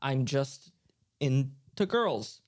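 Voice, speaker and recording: A young man co-hosting a comedy podcast, trading improvised banter in a dry, deadpan way. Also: medium pitch, very slow.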